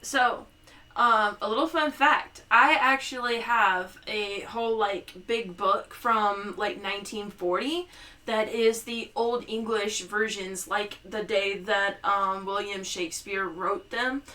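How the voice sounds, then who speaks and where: Bright Southern woman, a bit off-mic. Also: mid-range voice, fairly even intonation, slow pace, recorded from a distance. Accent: Southern American. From American South. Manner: chatty, with many fillers like "like" and "um". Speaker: podcast co-host. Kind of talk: casual chat.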